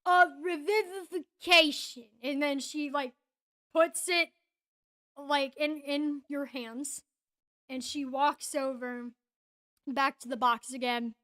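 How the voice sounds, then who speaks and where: A woman's voice: high-pitched, steady tone, slow pace, long pauses, a bit bright. A woman narrating a tabletop game as game master, casual and rambling with fillers.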